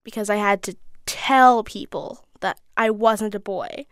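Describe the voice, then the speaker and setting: A sixteen-year-old girl answering interview questions candidly, thoughtful and a little halting, with restarts. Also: medium pitch, clean tone, no room sound, studio quality. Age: teens. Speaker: interview guest.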